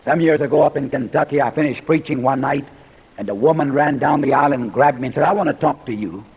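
A man in his sixties preaching a sermon in a folksy, humorous way with dramatic pauses. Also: medium pitch, creaky, darkish tone, breathy edge, highs cut off. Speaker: pastor. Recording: reverberant hall recording.

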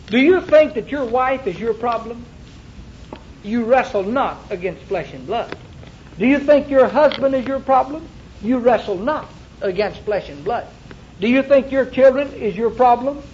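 A man's voice: extremely high pitch, muffled recording, slight background noise. A male pastor preaching a sermon to a congregation, with emphatic repetition and rhetorical questions. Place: church before a congregation.

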